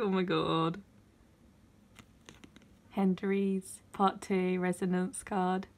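A woman vlogger opening her mail in a casual unboxing video, excitable and gushing, often gasping and squealing. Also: lowish voice, takes it slowly, long pauses.

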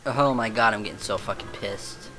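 A man's voice: fairly low pitch, normal speed, pushed and bright. A man giving let's play gaming commentary, frustrated and prone to swearing outbursts. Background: faint game music.

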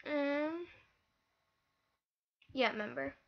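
A female host giving live gameplay commentary, excitable and easily frustrated, with lots of exclamations. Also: high voice, extremely slow, creaky, dull audio, slight background noise. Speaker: gaming channel host.

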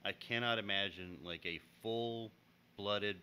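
A man from the United States co-hosting a podcast, talking in an animated, laughing way and often acting out the people in his stories. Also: fairly low pitch, takes it slowly, slight background noise. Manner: animated, laughing, acts out customers in voices. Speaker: podcast co-host. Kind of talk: casual chat.

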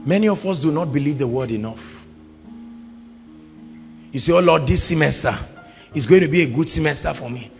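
A Nigerian man preaching a sermon, swinging from loud shouted declarations to low quiet asides. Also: a little fast, gravelly, long pauses. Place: large church hall. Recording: echoing hall with faint music.

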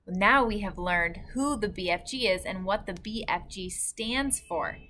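Teacher lady reading a kids book out loud, slow and calm, bright voice, faint hum behind. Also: mid-range voice. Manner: calm, clear narration. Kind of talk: reading a storybook aloud.

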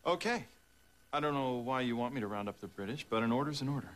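A man's voice: mid-range voice, fast talker, noisy background, natural voice. An actor playing a timid, put-upon male agent who talks hesitantly and earnestly. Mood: nervous.

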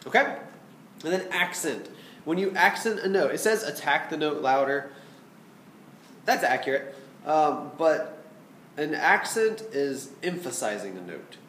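Man, flute teacher, patient, explanatory, slightly high voice, roomy echo. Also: big pitch swings, unhurried, pauses often, a bit bright, a little hiss or hum. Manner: patient, explanatory, checks in with "okay?". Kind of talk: music lesson instruction.

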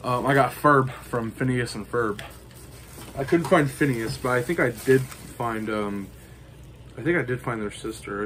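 A man's voice: mid-range voice, a little hiss or hum. A man casually showing off his collection to the camera, rambling with lots of ums and you-knows. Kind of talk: casual show-and-tell.

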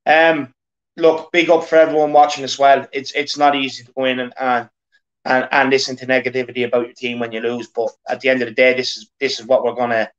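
On a fan channel, an Irish host around thirty delivers a casual football rant in a brisk, slightly bright, medium-pitched voice that stays fairly flat. He sounds earnest and repeats himself as he rallies supporters, all captured in dull lo-fi sound.

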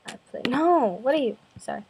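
A woman's voice: high voice, lively intonation, fairly quick, noisy background. Jumpy young woman coughing through gameplay. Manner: self-deprecating, jumpy, breaks into squeals. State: slight cough from a cold. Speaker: gaming video host. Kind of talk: casual gameplay commentary. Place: bedroom at home.

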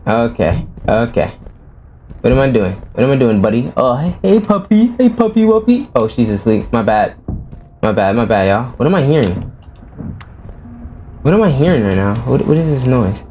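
A man's voice: medium pitch, expressive, normal speed, long pauses, a little mellow, slight background noise. A man who is a gaming YouTuber gives jumpy, exclaiming commentary full of casual slang while playing a horror game.

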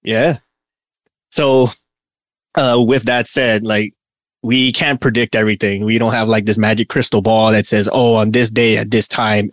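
A man's voice: lowish voice, dry recording, studio quality. A man co-hosting a casual podcast, rambling and laughing often as he talks. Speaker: podcast co-host.

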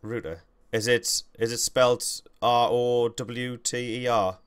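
A man's voice: mid-range voice, flat delivery, a little slow, clear, resonant tone. A young man, hosting a game livestream with rambling, self-correcting, jokey commentary. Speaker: gaming livestream host.

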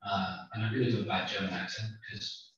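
A man's voice: deep voice, fairly even intonation, fast, a bit bright. A man giving a public lecture in a hall, in a chatty, humorous way, sprinkling in Korean phrases. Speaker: guest lecturer. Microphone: microphone, far from the recorder. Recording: echoey distant dull hall recording.

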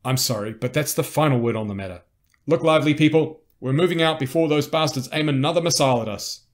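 A man voicing a weary middle-aged rebel captain, gruff and resigned but commanding, in an audiobook. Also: mid-range voice, normal speed, lightly acted.

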